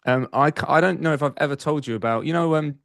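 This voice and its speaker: A man's voice: on the high side, fast talker, creaky, fairly bright tone, no echo, clean studio sound. A man hosting a podcast, chatting energetically with frequent fillers. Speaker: podcast host. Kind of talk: casual podcast interview.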